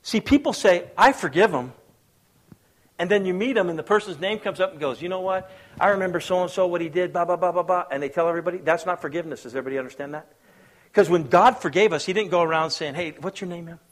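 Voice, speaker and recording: A man preaching a sermon as pastor, telling stories, acting out quoted voices and asking the crowd if they follow. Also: fast. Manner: storytelling preacher, acts out quoted voices, asks the crowd questions; swings between hushed low asides and loud raised bursts.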